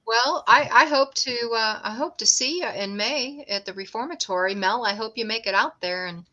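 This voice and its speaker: A middle-aged woman who owns a ghost tour, appearing as a guest, chats casually and tells stories, always quick to crack a joke. Her voice sits a little high, with a bright, forceful tone and the upper frequencies cut off.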